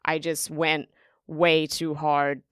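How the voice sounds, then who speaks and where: Woman, young adult, comedian guest, animated storytelling, crisp voice. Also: deep voice, slow, no room sound, clean studio sound. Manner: animated storytelling, acts out quotes. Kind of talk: casual podcast chat.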